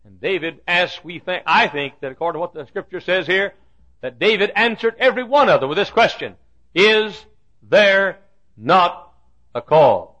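Dramatic, lively-voiced male preacher. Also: high voice, a little fast. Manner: dramatic storytelling, swinging from loud declarations to hushed asides; acts out the Bible characters' lines. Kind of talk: sermon.

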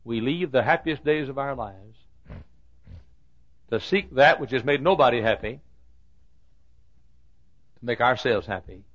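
A man preaching a sermon, telling a Bible story with dramatic swings from loud declarations to hushed asides. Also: medium pitch, unhurried, pauses often, dull audio. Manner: acts out the Bible characters' lines.

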